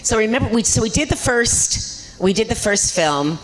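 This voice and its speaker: A woman, an actress at a convention panel, telling lively, rambling stories about her career. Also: on the high side, normal speed, slight background noise. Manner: chatty, rambling, lively storytelling.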